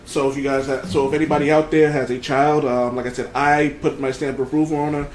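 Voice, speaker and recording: A man's voice: a little high, flat delivery, fast talker, a little mellow, reverberant, slight background noise, poor audio. A man hosting a casual podcast chat, rambling with lots of fillers and restarts as he tells a story. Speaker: podcast host.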